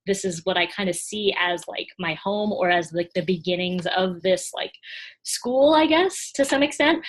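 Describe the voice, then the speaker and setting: A woman chats as a podcast guest in a loose, casual way, sprinkling in "like" and short laughs. Now and then she acts out her own inner voice as she talks. Her voice sits at an ordinary middle pitch. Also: fairly bright tone. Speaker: podcast guest, small business owner and coach. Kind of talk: casual conversational interview.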